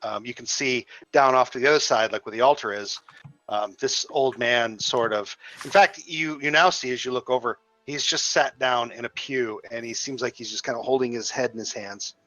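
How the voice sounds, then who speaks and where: A man's voice: mid-range voice, normal speed, bright, forceful tone. A man narrating a tabletop game as dungeon master in a loose, meandering way. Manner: loose, meandering, full of fillers. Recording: dull lo-fi dry sound.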